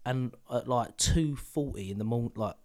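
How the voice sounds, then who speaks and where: A man's voice: medium pitch, normal speed, darkish tone. A man, co-hosting a podcast and telling a sweary story in casual chat. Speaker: podcast co-host.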